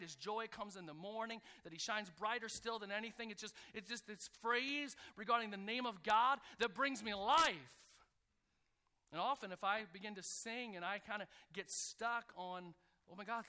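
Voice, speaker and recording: High, bright-voiced man preaching. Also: smooth. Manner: energetic preaching that swells to near shouting; calls out to the congregation for responses. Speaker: pastor. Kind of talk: sermon. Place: church sanctuary.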